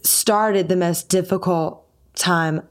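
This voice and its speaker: With a fairly low voice and a slow pace, this woman, who hosts a podcast and sings, recounts a personal story casually. She acts out her own quotes in lively voices as she goes.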